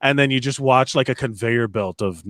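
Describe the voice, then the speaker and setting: A man's voice: medium pitch, normal speed, a bit bright, no room sound, clean studio sound. A man co-hosting a podcast, talking in a casual, rambling way with plenty of restarts and swearing. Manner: rambling, stumbling restarts, profane. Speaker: podcast co-host. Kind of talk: casual chat.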